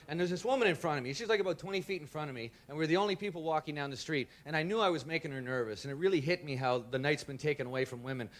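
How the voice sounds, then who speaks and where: A young man doing a rambling, self-deprecating stand-up set, bursting into loud shouted impressions. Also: fairly high pitch, expressive, racing, few pauses. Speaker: stand-up comedian. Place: comedy stage before a live audience. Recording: live club with audience laughter and noise.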